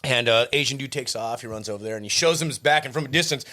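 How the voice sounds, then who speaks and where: A man and tattoo artist telling an animated, profane story in a casual podcast chat, acting out the people in it. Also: mid-range voice, fast. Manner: animated, profane, acts out the people in his stories.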